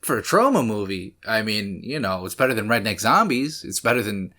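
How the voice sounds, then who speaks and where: A man's voice: on the low side, sing-song, fairly quick, sharp tone. A man hosting a movie reaction, rambling and joking as he talks back to the screen. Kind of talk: casual reaction commentary.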